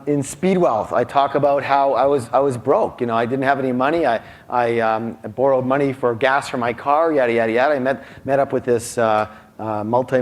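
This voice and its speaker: Man, middle-aged, live seminar teacher, lively, questions the audience a lot. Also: medium pitch, a little hiss or hum. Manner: animated, asks the audience constant questions. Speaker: seminar speaker.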